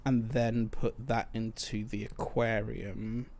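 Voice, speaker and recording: A man's voice: lowish voice, little pitch movement, slow, a little mellow, slight background noise. A man streaming a video game, thinking aloud in casual, muttered commentary.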